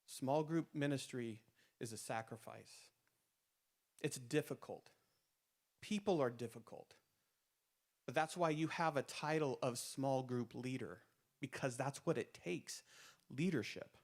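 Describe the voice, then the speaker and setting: A man's voice: mid-range voice, measured pace, pauses often. A man preaching a sermon to small group leaders, emphatic, repeating phrases with rising force and often restarting his words. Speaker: pastor.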